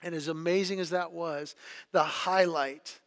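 Male storyteller, high and bright, animated, acts out quotes; roomy hall sound. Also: unhurried. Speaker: speaker telling stories. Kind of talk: storytelling talk to an audience.

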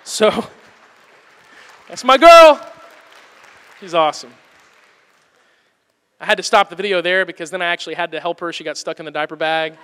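A man's voice: a little high, steady tone, fast, long pauses, bright, forceful tone, smooth, long reverb tail, a faint crowd. A male pastor giving a sermon in an earnest, conversational way with emphatic repetition.

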